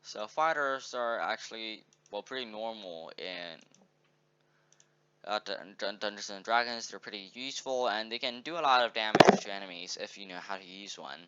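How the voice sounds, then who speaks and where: A man's voice: lowish voice, moderate pace, noisy background. A man casually walking through a tabletop game sheet, thinking aloud and correcting himself as he goes. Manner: meandering, self-correcting, upbeat. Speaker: game tutorial presenter. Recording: dull lo-fi recording.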